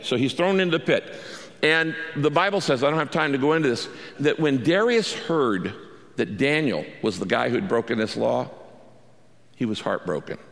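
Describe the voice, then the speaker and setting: A man preaching a sermon, telling a scripture story in an animated, emphatic way. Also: mid-range voice, in a large hall. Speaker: pastor.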